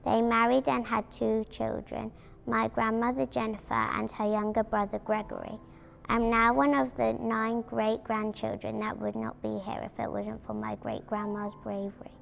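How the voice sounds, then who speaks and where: Woman, raspy fry-heavy voice, level delivery, careful memorial reading. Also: a little high, little pitch movement, normal speed, a bit bright, a little hiss or hum. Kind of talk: reading a prepared family account at a memorial event. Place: community arts venue.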